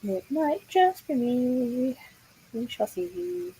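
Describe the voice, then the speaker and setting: A woman's voice: high voice, sing-song, extremely slow, mellow, husky, rough recording. A woman hosting a casual livestream, chatting and reading viewers' comments aloud in a playful, mock-dramatic way. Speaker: livestream host.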